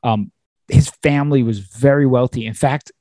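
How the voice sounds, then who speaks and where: Gadatliwy gospodarz podcastu, suchy dźwięk. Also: male voice, mid-range voice, moderate pace, warm tone, no echo. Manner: upbeat, chatty, laughs often. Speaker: podcast host. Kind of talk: casual podcast chat.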